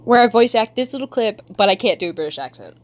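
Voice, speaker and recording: A woman's voice: fairly high pitch, expressive, quick pace, a little hiss or hum. A woman streamer chatting casually with her viewers while she draws, giggling and rambling in a silly way. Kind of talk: casual live-stream chat while drawing.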